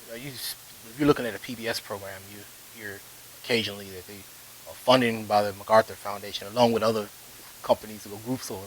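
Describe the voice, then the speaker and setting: A man's voice: a bit bright, rough recording. A man being interviewed, telling a long story in a casual, rambling way with many fillers and chuckles. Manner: rambling anecdotes with frequent fillers and laughs. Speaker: interview guest, ragtime pianist. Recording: faint hiss, low-fi video.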